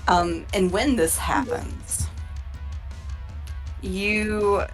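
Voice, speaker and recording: A woman narrating a horror tabletop game as game master, chatty and relaxed, with fillers and restarts. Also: medium pitch, drawn-out words, soft background music.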